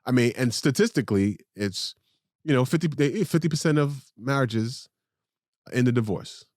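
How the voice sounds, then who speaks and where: A man co-hosts a casual chat show, speaking in animated, rambling bursts full of halting restarts. His voice is medium-pitched, recorded with clean studio sound and no room noise.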